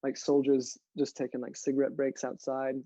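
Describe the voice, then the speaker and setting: A man's voice: medium pitch, monotone, moderate pace, dark tone, no echo, dull audio. A young man from France, a guest actor, talking casually and enthusiastically with many fillers. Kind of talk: casual interview chat.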